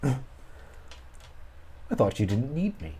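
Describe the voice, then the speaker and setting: A woman's voice: rumbling low, big pitch swings, extremely slow, dark tone, slight background noise, exaggerated voice. A woman voicing a languid, smug, godlike female space entity in a tabletop game, teasing and aloof.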